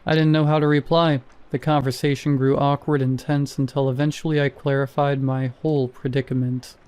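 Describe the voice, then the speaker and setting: A man narrating a first-person horror story in a measured, scripted way. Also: mid-range voice, little pitch movement, a little mellow, clear, resonant tone.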